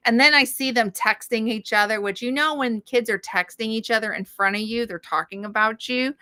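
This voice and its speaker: A woman's voice: a little high, moderate pace, sharp tone. A middle-aged woman hosting a casual livestream chat, rambling with many fillers and restarts and laughing often. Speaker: livestream host.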